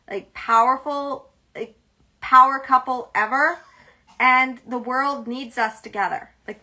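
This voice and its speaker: Solo podcast host, middle-aged woman, bright tense voice, emphatic and blunt. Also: a little high. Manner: emphatic, blunt, swears freely. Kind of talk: casual solo monologue.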